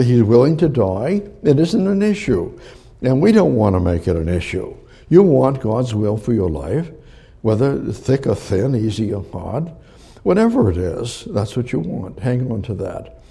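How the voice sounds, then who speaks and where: An older man preaching a sermon as pastor, with a gravelly voice, acting out crowd quotes. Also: medium pitch, mellow.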